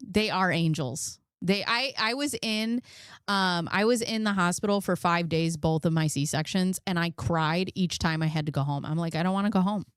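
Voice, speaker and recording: A woman's voice: lowish voice, moderate pace, smooth, no echo, clean studio sound. A woman in her thirties hosting a commentary channel, telling candid personal stories in a chatty, casual way and reading out case notes.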